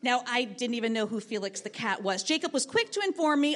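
A woman teacher telling a lively story from her classroom to an audience, acting out the voices of the people in it. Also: on the high side, a little fast. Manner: lively, animated storytelling with acted quotes.

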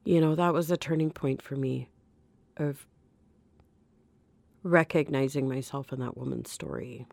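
Low-pitched middle-aged woman, candid and earnest, telling her own recovery story, lots of restarts, dry close sound. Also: measured pace, vocal fry, pauses often, a little mellow, dry recording. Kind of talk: personal testimony.

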